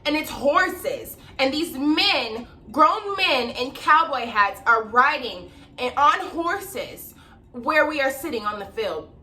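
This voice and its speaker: A young woman casually telling a story to camera, animated and swearing freely as she acts out the people in it. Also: high voice, slow pace, far from the mic.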